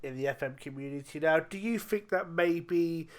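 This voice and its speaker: A man's voice: fairly high pitch, normal speed. A man hosting a podcast in casual chat, laughing and swearing in friendly banter. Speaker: podcast host.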